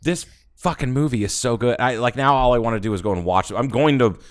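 A man's voice: mid-range voice, fast talker. A man co-hosting a podcast, telling loose, profane bar stories in casual chat. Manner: loose, profane storytelling with put-on voices. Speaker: podcast co-host.

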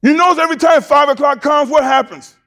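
High-voiced man preaching emphatically. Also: fast talker, creaky. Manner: emphatic, repetitive, with rising shouted climaxes. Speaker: pastor. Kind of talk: sermon.

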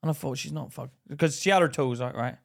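A man's voice: on the high side, fast talker, gravelly. A man co-hosting a podcast in casual chat, swearing freely and acting out his own thoughts as he tells stories. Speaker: podcast co-host.

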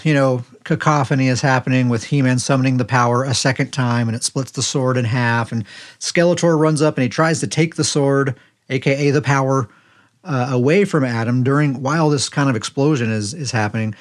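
A man in an easygoing podcast chat, retelling a story at an ordinary middle pitch. He strings scenes together loosely and drops in brief quoted lines as he goes. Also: fairly quick. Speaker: podcast co-host. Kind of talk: casual recap chat.

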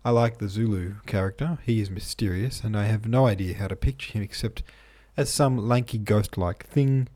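A man with a voice on the low side hosts a podcast in a relaxed, chatty manner. He reads out listener comments with frequent ums, and hiccups keep interrupting him.

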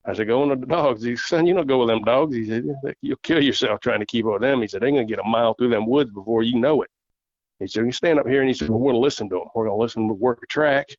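A man's voice: medium pitch, fast, dry recording. A man, a podcast guest telling a long story in a folksy way and acting out other people's voices in it. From southern United States. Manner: folksy, acts out quoted voices. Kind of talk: casual storytelling. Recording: dull lo-fi dry audio.

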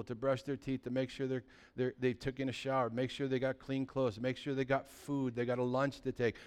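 A man preaching a sermon as pastor, swinging between loud, excited bursts and quiet, low asides. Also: smooth.

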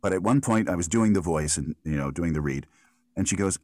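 A middle-aged American man with a remarkably low, booming bass voice, answering interview questions in a relaxed, wandering way. He often restarts his sentences and fills pauses with "um" and "uh." The sound is close and completely dry. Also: no room sound. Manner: thoughtful, rambling answers with frequent restarts and fillers. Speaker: voiceover artist guest.

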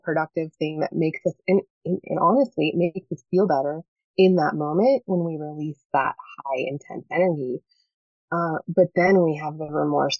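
Earnest mom talking, dull dry sound. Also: female voice, fairly low pitch, no room sound. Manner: earnest, talks in quick bursts with many "right?" checks. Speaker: podcast guest. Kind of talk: casual podcast chat.

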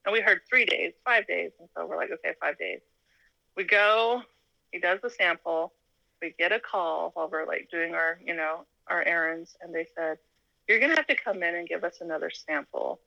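A woman from Alaska tells her own story in a relaxed, chatty way, often laughing and acting out the lines of the people in it. Her voice is fairly low for a woman but bright and forceful, and the recording is dry and close. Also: normal speed, gravelly, no echo, rough recording. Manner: animated, laughs often, acts out quoted dialogue. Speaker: interview guest. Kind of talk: casual storytelling.

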